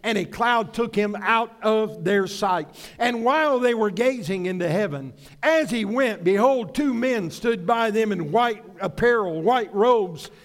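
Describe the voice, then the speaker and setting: A man's voice: high voice, measured pace, few pauses. A man preaching a sermon as pastor, folksy and emphatic, mixing stories with scripture.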